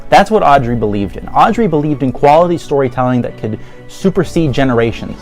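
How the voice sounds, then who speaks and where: Lively, sarcastic ranting man. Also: medium pitch, fairly quick, faint music behind. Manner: sarcastic, exasperated, laughs often. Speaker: YouTuber. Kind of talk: ranting commentary.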